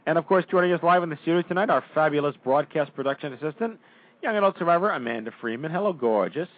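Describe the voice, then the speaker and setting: A man's voice: a little high, expressive, quick pace, no room sound. A man hosting a radio talk show, introducing guests with playful, teasing banter. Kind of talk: casual chat. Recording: tinny, dry phone-like audio.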